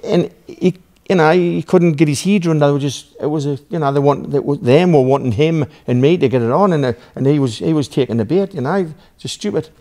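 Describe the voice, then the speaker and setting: Geordie man, guest on a podcast, gravelly voice, rambling, profane storyteller who quotes both sides of a row. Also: fairly high pitch, brisk, hardly any pauses, mellow. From Newcastle, England. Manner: rambling, swearing, acts out dialogue. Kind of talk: casual storytelling.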